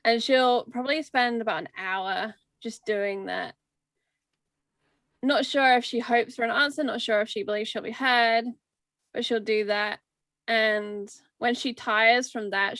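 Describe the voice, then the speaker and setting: A woman playing a tabletop game, calmly describing what her character does. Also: on the high side, measured pace, no echo. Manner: calm, descriptive storytelling. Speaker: player.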